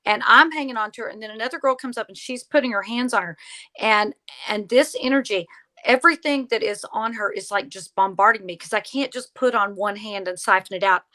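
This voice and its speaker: A woman guest telling a story in conversation, animated, acting out the lines of the people in it. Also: medium pitch, brisk. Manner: animated, acts out quoted dialogue. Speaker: podcast guest, paranormal investigator.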